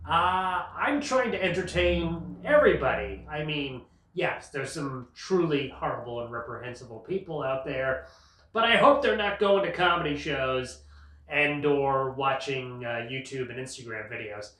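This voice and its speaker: A man's voice: mid-range voice, expressive, measured pace, bright, forceful tone. A male comedian hosting his show, riffing sarcastically in a rambling monologue and laughing at his own jokes. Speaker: comedian host. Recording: roomy sound, mic at a distance.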